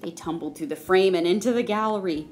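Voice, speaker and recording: A woman reading a children's story aloud in a slow, expressive way. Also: lowish voice, soft background music. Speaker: storybook reader.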